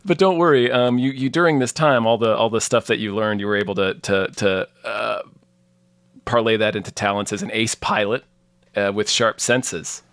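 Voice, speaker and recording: A man with a low voice acts as game master and reads out a player's backstory with wry amusement. His voice sounds close and dry, with no room around it. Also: steady tone, normal speed, a bit bright, no echo. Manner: amused, chuckling while relaying absurd details. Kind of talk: casual podcast chat, reading a character backstory.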